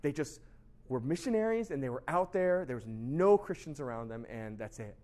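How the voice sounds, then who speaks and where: A man giving a casual, animated sermon as a pastor, often asking "right?" and laughing at himself. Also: medium pitch, normal speed. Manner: chatty, animated, constant rhetorical "right?"; laughs at himself, shouts for emphasis.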